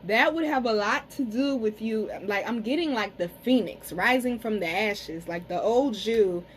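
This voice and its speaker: A woman giving a casual card reading to camera, talking frankly to her viewers, cursing freely and slowing down to say some words carefully. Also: on the high side, a little hiss or hum, rough recording. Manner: frank, chatty, curses freely, addresses viewers as y'all. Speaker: tarot and spiritual reader.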